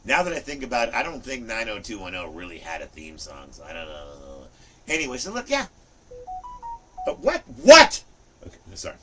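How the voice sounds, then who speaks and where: A man in his fifties hosting a livestream, chatting casually in an animated, rambling way, often saying "look" and "you know". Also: on the low side, normal speed, long pauses, recorded from a distance, a little hiss or hum, rough recording. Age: 50s. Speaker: livestream host.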